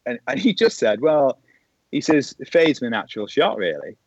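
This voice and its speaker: A middle-aged man spins a lively anecdote, jumping into the voices of the people in his story. His voice sits at an ordinary pitch, and the recording is dry with a slightly dull, lo-fi edge. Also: normal speed, husky, no room sound. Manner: animated storyteller who acts out quoted voices. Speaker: podcast guest, former pro golfer. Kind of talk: casual anecdote telling.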